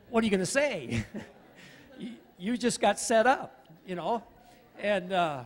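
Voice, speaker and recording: High-voiced pastor preaching in a reverberant hall. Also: male voice, expressive, moderate pace. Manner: conversational, with asides and acted-out quotes. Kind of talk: sermon. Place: church sanctuary.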